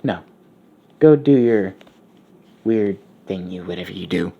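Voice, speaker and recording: A man's voice: deep voice, expressive, unhurried, gravelly, breathy edge, dull audio, pitched below the performer's own voice, heavily acted. A man voicing a rude, dismissive middle-aged mother in a spoken story. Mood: snippy. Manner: dismissive, snippy.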